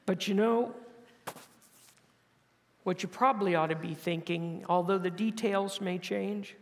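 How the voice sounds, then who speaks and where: A man preaching a sermon as pastor, building to emphatic, louder phrases and then dropping soft and low to close each point. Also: unhurried, slight background noise. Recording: long hall reverb.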